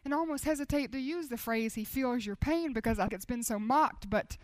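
A high-pitched woman delivers a sermon with fervent intensity. She pushes her voice up into loud, insistent appeals, then sinks into soft, near-whispered passages. The sound is dry and close, with no room around it. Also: moderate pace, few pauses, no room sound. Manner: intense, swings between loud urging and hushed near-whispers. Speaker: speaker at a Christian women's gathering.

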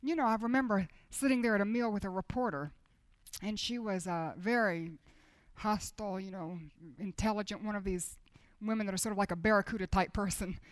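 A woman preaching a sermon, moving between soft, intimate asides and loud, declaiming proclamation. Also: medium pitch, brisk, dry recording.

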